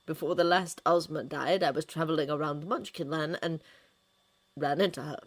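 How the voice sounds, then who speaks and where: A woman reading a fanfiction story, voicing a smooth-talking older male ruler who is patient and condescending. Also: fairly low pitch, expressive, moderate pace. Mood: wistful.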